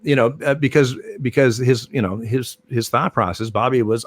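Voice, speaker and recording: An older man, a retired umpire, telling stories in a relaxed interview, with many fillers and restarts. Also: mid-range voice, normal speed, no room sound. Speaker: retired baseball umpire, guest. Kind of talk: casual interview storytelling.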